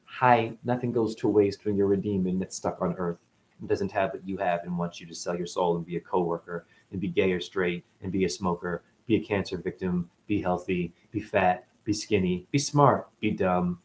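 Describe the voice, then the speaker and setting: A man talking as a spiritual teacher in a rambling, profane casual monologue that swings between loud and muttered. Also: low voice, fairly even intonation, normal speed.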